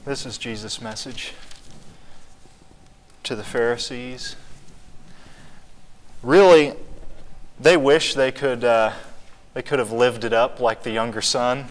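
Male Bible study teacher, mid-pitched voice, questions the group, hall reverb. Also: slow pace, long pauses. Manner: asks the group questions, conversational.

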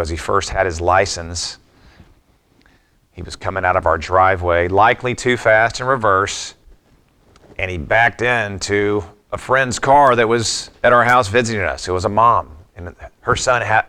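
A man's voice: lowish voice, steady tone, normal speed, pushed and bright. A middle-aged man preaching a sermon in a reflective, conversational way, mixing scripture with personal stories. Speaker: pastor.

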